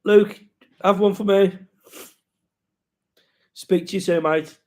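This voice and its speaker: A man's voice: high-pitched, fairly even intonation, slow. A man hosting a casual live-stream chat, rambling and sweary as he greets viewers and reads out their comments.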